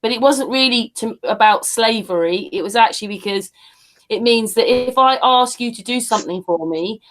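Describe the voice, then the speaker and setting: A woman hosting a panel chat, chatty and quick to apologise. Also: fairly high pitch, a bit bright, rough recording.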